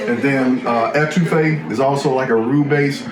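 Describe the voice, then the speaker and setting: A man's voice: medium pitch, moderate pace, roomy sound, heavy background noise. A man hosting, walking through a cooking demonstration in a casual, chatty way and often repeating himself. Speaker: host.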